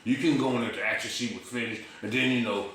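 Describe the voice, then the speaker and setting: Bright-voiced middle-aged guy telling stories and laughing a lot, very echoey room with a faint hiss. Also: medium pitch, fast talker, recorded from a distance. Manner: animated storyteller, laughs often, profane. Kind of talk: casual storytelling chat.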